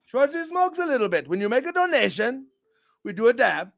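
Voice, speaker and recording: Man, stream host, high voice, gravelly edge, upbeat, rambling chat with loud greetings to viewers. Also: fairly quick. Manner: upbeat, swings into loud excited shout-outs. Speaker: livestream show host.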